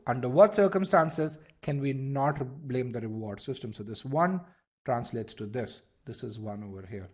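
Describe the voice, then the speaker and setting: Male test-prep instructor, mid-pitch voice, leading a live webinar, quizzes his audience, often restarts phrases. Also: moderate pace. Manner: asks the audience questions and repeats key points.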